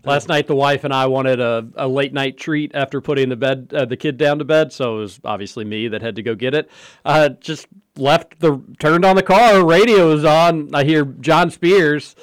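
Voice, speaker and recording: A man hosting a sports radio talk show, telling animated stories in casual banter. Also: on the high side, normal speed, no echo. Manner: animated storyteller, mimics voices in anecdotes.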